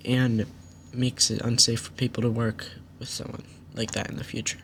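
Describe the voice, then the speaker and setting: Man calmly laying out a grievance. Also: mid-range voice, normal speed, vocal fry, hardly any pauses, whispered. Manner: methodical, reads chat messages aloud line by line; firm, accusatory. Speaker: channel host. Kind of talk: recounting a dispute to camera.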